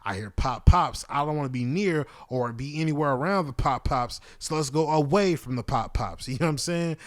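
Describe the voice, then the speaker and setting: A man's voice: a little high, animated, moderate pace. A man hosting a podcast, telling a long story in a casual, rambling way, full of profanity and fillers. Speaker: podcast host.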